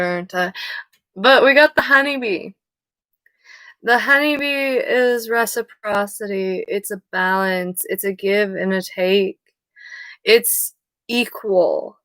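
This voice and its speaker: A woman's voice: mid-range voice, a bit bright, smooth, no echo. A woman giving a casual tarot reading who rambles off-topic, swears freely and laughs at herself. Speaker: tarot card reader.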